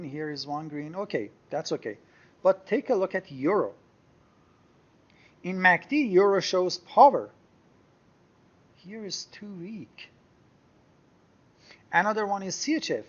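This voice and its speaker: Lively high-voiced man explaining charts. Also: gravelly, breathy edge, highs cut off. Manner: explanatory, thinking aloud while clicking through charts. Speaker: trading software instructor. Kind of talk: screen-share tutorial.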